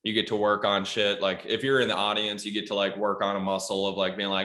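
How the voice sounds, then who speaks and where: A bright, forceful male voice tells loose, profane stories in a casual podcast chat. He is a comedian guest and often breaks into loud, high acted quotes. The room sounds echoey. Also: flat delivery, fast talker.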